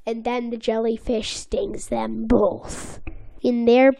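A woman's voice: a little high, flat delivery, slow pace, vocal fry, dark tone. A woman co-hosting a casual podcast, playfully teasing and retelling cartoon scenes in detail. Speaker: podcast co-host. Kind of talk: casual episode recap chat.

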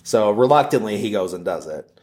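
A man's voice: fairly low pitch, expressive, a little fast, darkish tone. A man casually retelling a film's plot, rambling with lots of fillers. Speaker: film plot recapper.

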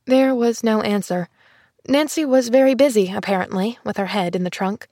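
A woman narrating a classic children's story in a measured, gentle storytelling voice. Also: on the high side, dry recording, clean studio sound. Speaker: audiobook narrator.

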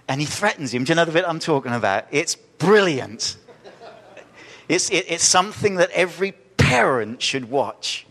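A male pastor preaching a sermon, animated, acting out quoted voices and asking the congregation questions. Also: on the high side, moderate pace. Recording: reverberant church hall.

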